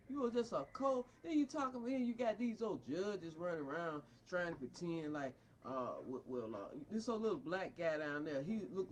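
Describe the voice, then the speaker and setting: A parent who is furious with a psychiatrist delivers a confrontational, preachy rant. Her voice swings widely in pitch as she scolds. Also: sing-song, moderate pace, hardly any pauses, a little mellow. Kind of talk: angry rant addressed to a doctor.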